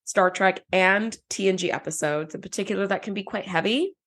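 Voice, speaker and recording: A woman co-hosting a podcast in casual chat, her voice hoarse and scratchy after the flu, gushing and laughing often. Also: medium pitch, brisk, a bit bright. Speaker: podcast co-host.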